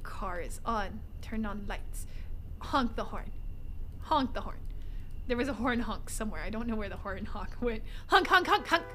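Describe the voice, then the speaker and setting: A woman streaming a game live from home, excitable and jokey, swearing and laughing often as she talks to chat. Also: mid-range voice, moderate pace, slight background noise. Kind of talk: live gameplay commentary.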